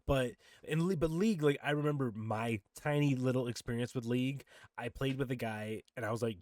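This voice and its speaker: A man's voice: medium pitch, brisk, darkish tone, no room sound. A man on a casual podcast rants with lots of swearing. He acts out other people's words in suddenly raised voices. The sound is dry and close. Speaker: podcast co-host. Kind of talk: casual chat.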